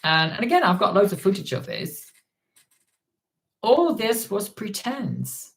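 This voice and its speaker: A man's voice: high-pitched, huge pitch swings, a little slow, vocal fry. Man, Dutch accent, livestream host, casual chat, reads viewer comments. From Netherlands. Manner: recounts events while reading viewer donations and comments.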